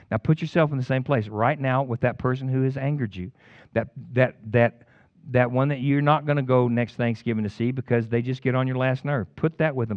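A man preaching a sermon, casual and animated, swinging from quiet, low talk to loud, excited outbursts. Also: a little fast, no echo, dull audio. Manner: casual, says "man" and "goofball". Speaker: pastor.

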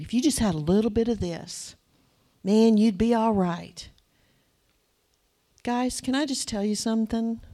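A woman preaching a sermon in a conversational, animated way, acting out little asides to the congregation. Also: medium pitch.

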